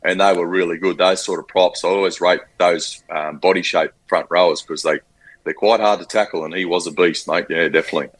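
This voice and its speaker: A former rugby league player in his forties with an Australian accent, telling stories in a casual interview, animated and full of fillers. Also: low-pitched, brisk. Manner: animated storyteller, acts out quotes, frequent fillers.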